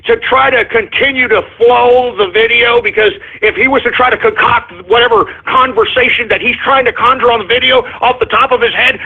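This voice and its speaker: Fuming and swearing, a radio host delivers a call-in monologue rant that keeps circling back to the same points. His voice is high and husky. It sounds muffled, thin, and boxy, like phone-line audio.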